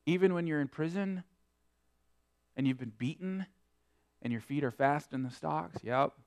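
A man preaching a sermon, quoting scripture in old-fashioned wording and swinging between emphatic peaks and quieter asides. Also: moderate pace, creaky, pauses often. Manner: emphatic preaching, rising and falling in pitch and loudness. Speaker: pastor.

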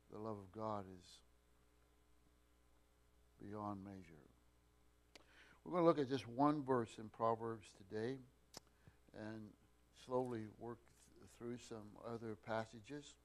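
A man teaching a Bible class, pausing often with fillers and restarts and getting loud to stress key words. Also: on the low side. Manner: unhurried, with many fillers and restarts, rising loud for emphasis.

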